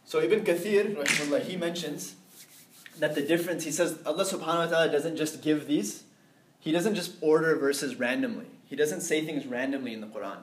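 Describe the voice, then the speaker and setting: A man's voice: a little high, slight background noise. A man teaching an Islamic lecture to a class, explaining step by step, mixing in Arabic phrases and checking that students follow. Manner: explains slowly, asks class if they understand; mixes in Arabic terms and phrases.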